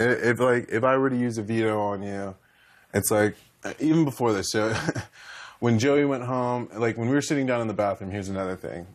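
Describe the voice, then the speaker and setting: Low-voiced man rambling emotionally. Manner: rambling, emotional, retells dialogue. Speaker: reality show contestant. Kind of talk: heated conversation.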